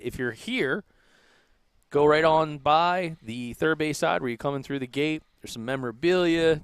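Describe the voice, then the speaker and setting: Jokey broadcast host, smooth resonant voice, dry close mic, quick sponsor reads. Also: male voice, fairly high pitch, dry recording. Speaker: sideline host reading sponsor spots.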